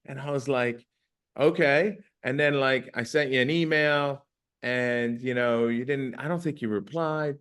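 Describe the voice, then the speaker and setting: A man's voice: medium pitch, moderate pace, a bit bright, clean tone. A man hosting a podcast over a video call, telling a story in an emotional, rambling way and often repeating his words. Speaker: podcast host. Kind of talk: casual conversation on a video call.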